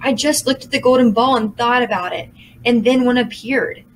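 A woman's voice: a little high, moderate pace, recorded from a distance, slight background noise, close to an everyday voice, low-quality recording. A woman voicing an anxious young girl who talks in a fretful, breathless way. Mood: nervous.

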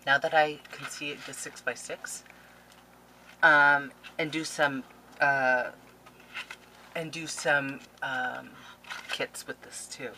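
A woman vlogger opening mail on camera in a casual, gushing, excitable way, with quick laughs and whispered asides. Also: sits low, a little hiss or hum, low-quality recording. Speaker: scrapbooking vlogger.

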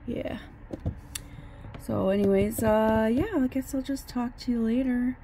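A woman vlogging in a loose, rambling way, speaking slowly with a somewhat high voice. Her words come over steady background noise. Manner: chatty and rambling, talks softly to a duck. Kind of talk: casual vlog chat. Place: outdoors by a lake.

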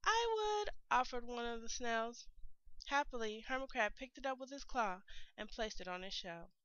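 Expressive woman reading a picture book. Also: fairly high pitch, moderate pace, no room sound. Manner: clear, expressive storytelling. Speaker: teacher reading to children. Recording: dull lo-fi recording.

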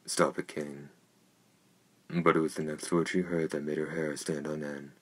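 A man narrating an audiobook in a steady, measured reading. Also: rumbling low. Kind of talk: scripted narration.

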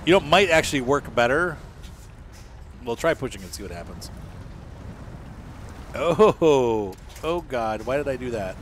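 Man, gameplay streamer, animated, jokey, very expressive pitch, loud game engine noise behind. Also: measured pace, long pauses. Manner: animated and joking, thinking aloud while driving. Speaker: streamer playing a truck game with a co-op partner. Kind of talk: casual gameplay chat.

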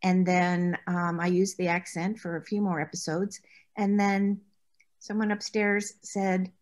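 Her voice is lowish and somewhat dark, with a level tone and a slightly slow delivery. She's an American former actress being interviewed, chatty and full of anecdotes, often laughing while recalling her acting career in this conversational exchange.

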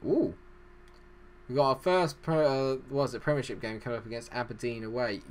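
A man's voice: medium pitch, brisk, a little hiss or hum. A man hosting a gaming channel, giving rambling, self-deprecating let's-play commentary.

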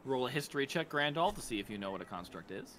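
A man's voice: medium pitch, big pitch swings, fast, a bit bright, slight background noise. A man narrating a tabletop game as game master, talking casually and breaking off to laugh and try out character voices.

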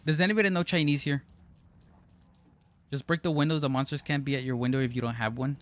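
A man's voice: mid-range voice, fairly even intonation, fast talker. A man streaming a game live, chatting playfully with his viewers, joking and laughing often, sometimes slipping into mock-formal phrasing. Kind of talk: live gameplay commentary, reading chat.

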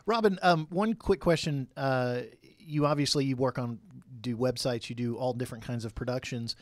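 A man's voice: mid-range voice, moderate pace, no echo, studio quality. A man co-hosting a radio interview, joking and conversational as he asks questions. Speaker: radio co-host. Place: radio studio. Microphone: studio microphone.

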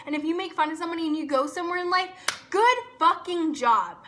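A woman's voice: very high voice, steady tone, a bit bright. A young woman vlogging to her subscribers in a blunt, profane rant, peppered with filler words, recorded indoors on her camera mic. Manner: blunt and profane, heavy swearing; fast talk with lots of filler "like".

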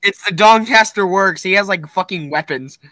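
A man joking and swearing loudly while playing with friends in voice chat. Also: high-pitched, moderate pace. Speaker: gamer friend. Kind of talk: casual gaming chat.

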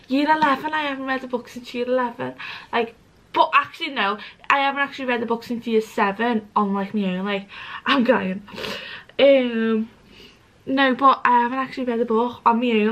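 A woman's voice: on the high side, a bit bright, poor audio. A young British woman chatting casually and rambling to camera, swearing freely. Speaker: vlogger. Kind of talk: casual vlog chat.

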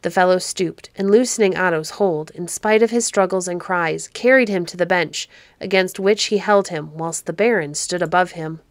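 A woman narrating a classic children's novel aloud, measured and expressive. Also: fairly low pitch, dry recording. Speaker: storyteller.

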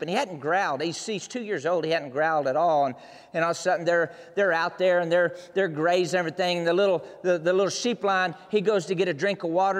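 High-voiced preacher roaring in a hall. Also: male voice. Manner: dramatic storytelling, bursts into roars. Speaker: pastor. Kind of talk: sermon.

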